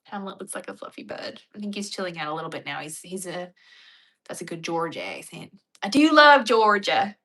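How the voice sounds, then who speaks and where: Woman streamer, bright voice, playful chat with viewers. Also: fairly low pitch, brisk, gravelly. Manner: chatty, playful, laughs often. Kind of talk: casual chat.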